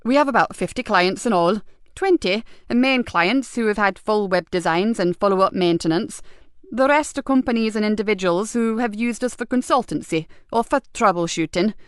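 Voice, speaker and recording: A woman's voice: mid-range voice, moderate pace, clean tone, dry recording, studio quality, natural voice. A woman reading an audiobook, voicing a mild, matter-of-fact husband in a plain everyday voice.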